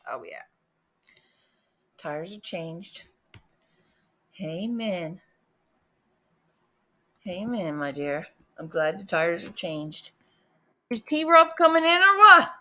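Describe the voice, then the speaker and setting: A woman with a high, bright voice chatting on her livestream. She talks slowly and unhurriedly, but gets excitable, bursting into loud exclamations and then dropping to a mutter. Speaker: livestream host. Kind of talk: casual livestream chat.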